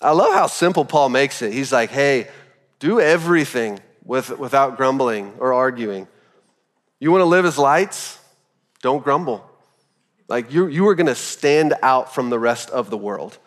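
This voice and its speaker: A man in his thirties preaching a sermon as pastor, telling a story in a loose, animated, conversational way full of "like". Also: medium pitch, a little slow, long reverb tail. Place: church auditorium.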